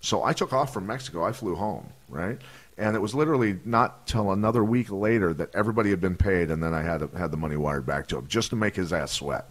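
A man's voice: low-pitched, fast. A man, a retired fighter telling profane stories on a podcast and acting out the voices of the people in them. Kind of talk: casual storytelling.

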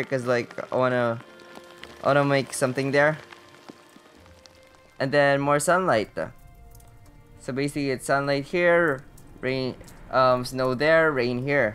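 A man's voice: medium pitch, fairly bright tone, clean tone. A young man giving casual let's-play commentary, bemused and thinking aloud, swearing often as he plays. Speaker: gaming YouTuber.

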